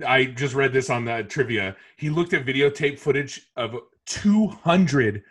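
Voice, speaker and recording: A man's voice: medium pitch, lively intonation, unhurried, a bit bright, breathy edge. A man co-hosting a podcast, chatting casually and reading movie trivia aloud in a matter-of-fact way. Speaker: podcast co-host.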